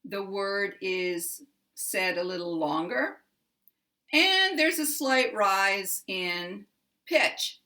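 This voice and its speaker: Slow, careful American woman teacher. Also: medium pitch, lively intonation, pushed and bright. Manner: deliberate, measured delivery with clear demonstrations. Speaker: pronunciation teacher.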